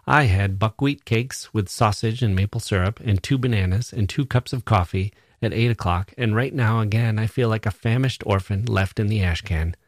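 A man's voice: lowish voice, moderate pace, hardly any pauses, no echo. A man voicing a wry young newspaper woman who is feeling ill, in a dry, understated way.

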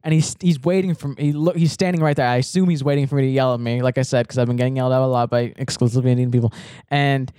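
A man's voice: medium pitch, fairly even intonation, racing, dark tone, smooth, no room sound, clean studio sound. A young man hosting a podcast, telling a casual, rambling story full of fillers. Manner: rambling, filler-heavy, laughing. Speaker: podcast host.

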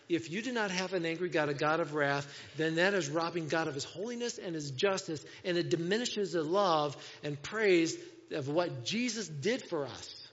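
High-voiced preacher in a reverberant hall. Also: male voice, expressive, normal speed. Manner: emphatic preaching with rhetorical questions and wide swings in loudness. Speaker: pastor. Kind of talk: sermon. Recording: long reverb, dull lo-fi sound.

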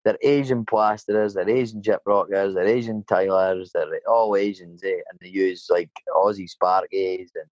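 A man's voice: sits low, fairly even intonation, moderate pace, few pauses, darkish tone, no room sound, lo-fi sound. Sweary Scottish man from Dundee. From Scotland. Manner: blunt, sweary, full of "mate" and "eh?". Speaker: painter and decorator. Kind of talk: casual chat.

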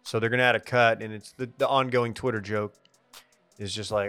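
A man's voice: fairly low pitch, fairly even intonation, sharp tone, smooth, no echo, soft background music. Joking man hosting a sports podcast. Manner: joking, rambling, quick asides. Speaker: podcast host. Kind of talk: casual sports chat.

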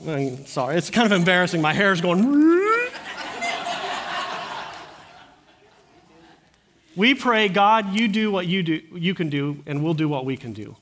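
A middle-aged man with a fairly high voice delivers a sermon, telling stories earnestly and quoting what people said. His talk rises higher and louder when he drives a point home. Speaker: pastor.

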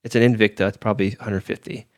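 A man's voice: lowish voice, steady tone, quick pace, no echo. A man co-hosting a podcast, talking in a laid-back, self-deprecating way in casual chat. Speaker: podcast co-host.

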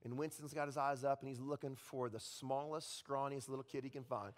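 A man's voice: medium pitch, steady tone, fairly quick, in a large hall. A man in his thirties preaching a sermon, telling a story and checking in with the crowd, with okay and all right. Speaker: pastor.

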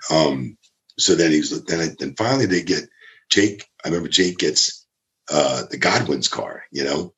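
Guy with a gravelly voice spinning an old road story, keeps jumping up in pitch to do the other people. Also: normal speed. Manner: animated, acts out quotes with big pitch jumps. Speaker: former ring crew member telling stories. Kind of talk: casual storytelling chat.

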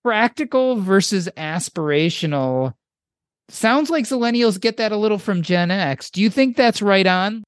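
A man's voice: high voice, lively intonation, normal speed, clean tone, dry recording, clean studio sound. A man hosting a podcast interview, asking questions with enthusiastic, emphatic repetition. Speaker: podcast host.

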